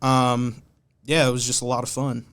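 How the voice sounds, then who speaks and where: A man from Ohio, a podcast guest, telling stories in a relaxed, slangy way. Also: medium pitch, moderate pace, clean tone. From Columbus, Ohio. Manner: laid-back, slangy storytelling. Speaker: podcast guest, hat designer. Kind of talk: casual conversation.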